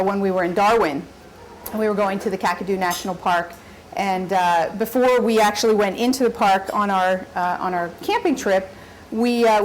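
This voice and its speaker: A woman telling a personal story on stage at a live event, animated and often laughing. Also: medium pitch, slight background noise, low-quality recording. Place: story slam stage before an audience.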